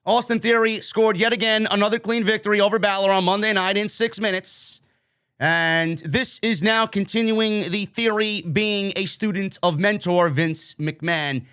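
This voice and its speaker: High, bright-voiced ranting man. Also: steady tone, unhurried, clear, resonant tone. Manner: ranting, profane, emphatic. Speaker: podcast host. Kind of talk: wrestling news commentary rant.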